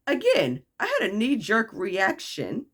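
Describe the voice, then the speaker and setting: Animated woman telling a story. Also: medium pitch, unhurried. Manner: animated, acts out quoted voices, laughs often. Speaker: vlogger. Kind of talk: casual storytelling.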